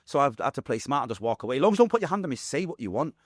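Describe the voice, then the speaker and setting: A man's voice: medium pitch, very animated, very fast, no room sound, studio quality. A man with a Manchester accent telling his life story as an interview guest, emotional and blunt with street slang. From England.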